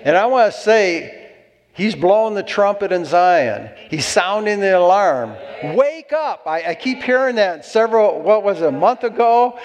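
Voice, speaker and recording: Guy preaching a sermon, kinda high voice, lots of amens, big hall reverb. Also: animated, moderate pace. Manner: exhorting, calls for amens. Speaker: pastor.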